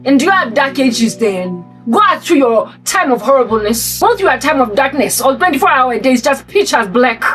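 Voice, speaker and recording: High-voiced South African woman ranting. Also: moderate pace, hardly any pauses. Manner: animated, preachy, repeats rhetorical questions. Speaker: Christian vlogger. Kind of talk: ranting satirical monologue to camera. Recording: voice distant from mic, faint music behind.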